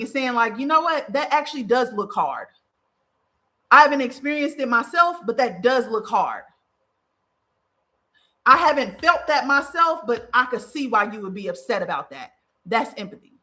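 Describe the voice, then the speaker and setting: A woman's voice: a little high, bright, forceful tone. A young woman hosting a talk show, giving spiritual advice in a blunt, profane, heated monologue that mocks the people she quotes. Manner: blunt, profane, emphatic with mocking quoted voices. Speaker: podcast host and spiritual advisor.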